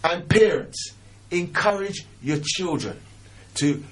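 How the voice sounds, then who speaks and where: A man's voice: high-pitched, lively intonation, slow. A man talking as a guest on a radio talk show, earnest and encouraging, often stumbling over repeated words. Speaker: radio guest, maths teacher. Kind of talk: casual radio chat.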